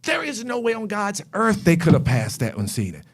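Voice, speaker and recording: A man from North Carolina, a podcast guest telling a life story in an animated way and acting out scenes. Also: high-pitched, normal speed, slightly rough. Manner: animated, acts out scenes and voices. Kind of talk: storytelling chat.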